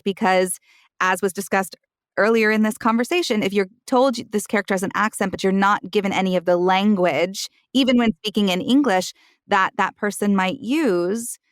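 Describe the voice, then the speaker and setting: A woman's voice: medium pitch, no room sound. Dry, close-miked woman hosting a roundtable. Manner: thoughtful, drawing guests out with questions. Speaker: podcast host. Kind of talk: casual roundtable discussion.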